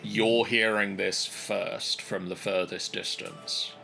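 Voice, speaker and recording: A man narrating a tabletop game as game master, unhurried and gently amused. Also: lowish voice, steady tone, creaky, faint music behind, low-quality recording.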